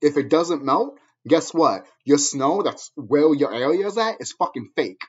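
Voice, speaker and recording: A man's voice: a little high, animated, measured pace, husky. A man ranting at viewers in a profane, angry, preachy monologue, heard on a dull lo-fi recording. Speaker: vlogger.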